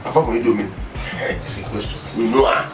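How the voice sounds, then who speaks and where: A man's voice: fairly low pitch, steady tone, quick pace, natural voice. A man playing a stubborn old Nigerian father. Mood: rambling scold. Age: older. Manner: rambling, mixing pidgin and Yoruba. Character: stubborn old father scolding his son's bride. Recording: roomy and distant, with film music.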